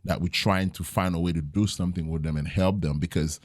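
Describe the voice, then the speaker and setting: A man with a very deep voice speaks earnestly in a casual podcast interview. He tells his stories reflectively and often pauses on fillers. The sound is dry and close, with almost no room. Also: fairly even intonation, no echo. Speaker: jiu-jitsu gym owner and podcast guest.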